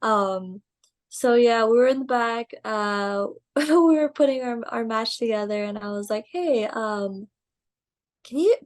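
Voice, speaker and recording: A young woman, a guest in a casual interview, telling stories in an animated way, with many "like"s and "um"s and laughter along the way. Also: on the high side, unhurried. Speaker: guest, pro wrestler.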